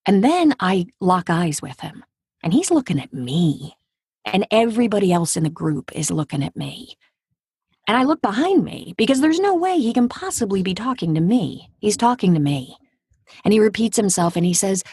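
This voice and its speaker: A woman in her forties, an actor and audiobook narrator, telling a personal story in an interview with vivid, dramatic delivery that drops to a hush at tense moments. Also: medium pitch, big pitch swings, moderate pace, breathy edge, dry recording, studio quality. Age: 40s.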